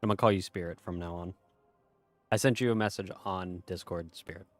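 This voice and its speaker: A man's voice: deep voice, steady tone, a little fast. Laid-back, profane male game streamer. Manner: laid-back, profane, reads chat aloud. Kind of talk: casual livestream chat.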